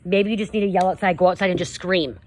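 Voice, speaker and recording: A woman with a slightly low voice talks straight to her viewers in a loose, rambling stream of spiritual advice. She keeps asking "okay?" and filling gaps with "you know", coaching rather than lecturing. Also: fast. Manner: earnest, coaching tone addressing viewers. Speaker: spiritual content creator. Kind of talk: casual spiritual advice monologue.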